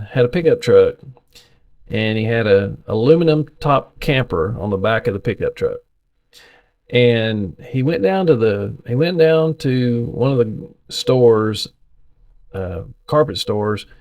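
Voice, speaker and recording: A middle-aged man, telling animated, folksy stories as a podcast co-host in casual chat. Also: medium pitch, dull audio.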